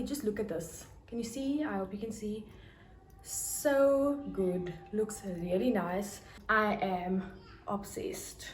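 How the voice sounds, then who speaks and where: A young South African woman with a South African accent, gushing over her haul in a casual fashion vlog. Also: fairly high pitch. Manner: gushing, bursts into excited squeals. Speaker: fashion vlogger. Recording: echoey room with faint noise.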